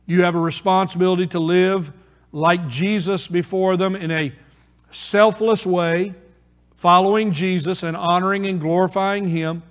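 A male pastor preaching a sermon slowly and deliberately, repeating key phrases for emphasis. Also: high-pitched, steady tone. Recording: reverberant hall.

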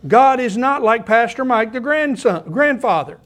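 An older pastor delivers a sermon in a notably high voice. He talks to the congregation casually, then reads scripture with rising emphasis. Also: expressive, normal speed, a bit bright. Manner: conversational preaching that swells into emphatic scripture reading.

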